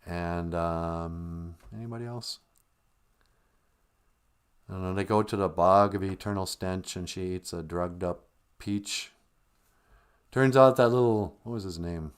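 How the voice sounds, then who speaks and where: A man's voice: low-pitched, unhurried, pauses often, clear, resonant tone. A man hosting a live stream, casually retelling a film as a rambling, joking storyteller.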